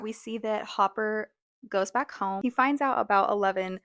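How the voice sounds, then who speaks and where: A woman hosting a casual TV recap vlog, talking in a chatty, animated way with lots of "like" fillers. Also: mid-range voice, moderate pace, dry recording, studio quality. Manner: animated, exclaims and laughs. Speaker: show recap host.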